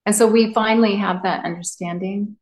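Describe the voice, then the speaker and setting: A woman's voice: mid-range voice, fairly even intonation, fairly quick, darkish tone. Heartfelt woman in a roomy room. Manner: open, heartfelt, personal storytelling. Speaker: relationship coach, podcast guest. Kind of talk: candid interview talk.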